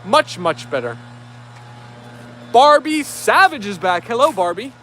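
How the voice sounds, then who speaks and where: A man's voice: high voice, sing-song, unhurried, fairly bright tone, slight background noise. A man hosting a dog livestream outdoors, reading viewer comments aloud in an upbeat, easygoing way. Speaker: livestream host. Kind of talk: live chat reading.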